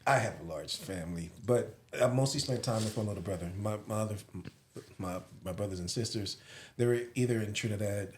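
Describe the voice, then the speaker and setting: A man's voice: on the low side, fairly quick, a little mellow. A man from Louisiana and Houston chatting as a podcast guest, telling family stories and acting out the voices in them. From Louisiana and Houston, Texas. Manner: laughs through his own stories, acting out voices. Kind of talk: casual chat, storytelling. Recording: echoey room, faint background noise.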